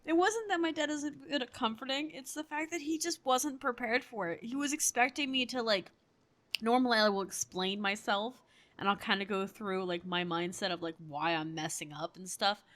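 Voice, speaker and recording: A woman's voice: fairly high pitch, moderate pace, a bit bright. A woman chatting casually while playing a game, telling stories in a rambling way and laughing often. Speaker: gamer. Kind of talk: casual gameplay commentary.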